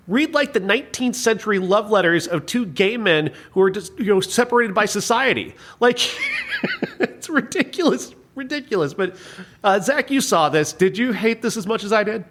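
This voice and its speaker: Man, podcast host, high voice, animated swings in pitch, sarcastic movie recap, laughing often. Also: normal speed. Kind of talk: casual movie review chat.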